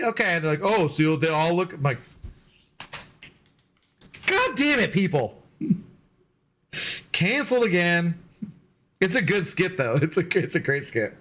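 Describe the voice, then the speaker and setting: A man's voice: a little high, fairly bright tone. A man chatting casually on a gaming live stream, rambling, joking and answering chat.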